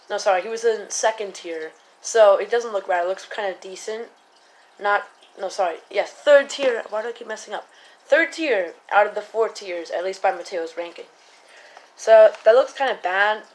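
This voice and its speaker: A woman's voice: medium pitch, slight background noise, low-quality recording. A woman giving casual commentary to camera, rambling with many fillers and often stopping to correct herself. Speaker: political vlogger.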